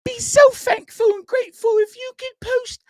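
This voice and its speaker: A man doing a high, shrill impression of a fussy, doting older mother who nags and gushes. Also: little pitch movement, a little mellow, no room sound, clean studio sound. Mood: pleading. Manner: high shrill drawn-out nagging. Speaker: host's impression of his mother.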